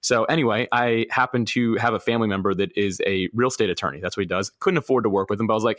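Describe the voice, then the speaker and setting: Fast-talking man hosting a podcast. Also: on the low side, no echo, studio quality. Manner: animated storyteller, acts out quoted people. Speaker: podcast host. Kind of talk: conversational podcast interview.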